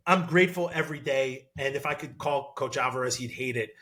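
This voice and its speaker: A man in his thirties, a former college football player, talking as a podcast guest in an animated, excitable way with lots of fillers. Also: medium pitch, a little fast. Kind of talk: casual podcast interview.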